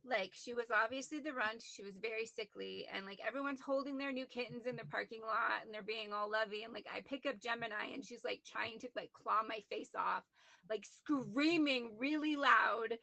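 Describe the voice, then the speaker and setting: A chatty, animated woman tells a story over a video call. Her voice is fairly high and gravelly, with a bright edge. The sound is dry and close. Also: fairly quick, hardly any pauses, no room sound. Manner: chatty, animated, quotes people in lively voices. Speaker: guest.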